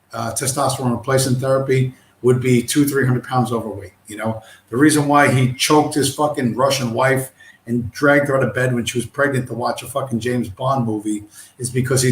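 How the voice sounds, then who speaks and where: A man streams alone, ranting in a middle-pitched voice that circles back through restarts and asides. He swears constantly and keeps asking "you know" as he goes. The room gives his voice a noticeable echo. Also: slight background noise. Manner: profane, rambling, repeats "you know what I mean". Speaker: livestream host. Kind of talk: rambling livestream rant. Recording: roomy echo.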